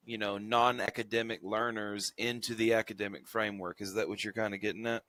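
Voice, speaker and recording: A man's voice: lowish voice, flat delivery, brisk, pushed and bright. A man moderating a group discussion, summing up points as questions.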